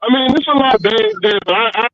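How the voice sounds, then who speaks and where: Higher-pitched man on a dull call line. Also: fairly quick, fairly bright tone, dry recording. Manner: hesitant, repeats himself. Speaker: caller. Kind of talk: casual chat. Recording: dull lo-fi remote call audio.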